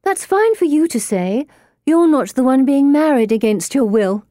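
Woman doing a spoiled teen girl, high and whiny, all drama, audiobook vibe. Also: expressive, normal speed, dark tone, no room sound, studio quality. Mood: plaintive.

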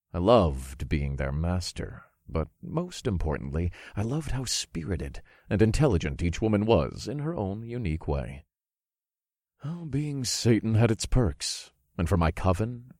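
Deep, husky male audiobook narrator. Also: warm tone, no echo, clean studio sound. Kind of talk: first-person audiobook narration.

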